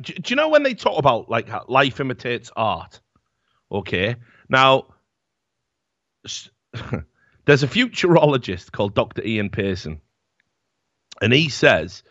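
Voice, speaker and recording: Podcast host, man, lively swearing chat, dull dry lo-fi sound. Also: medium pitch, dry recording. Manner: animated, swearing, laughing often. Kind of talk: casual chat, reading news stories aloud.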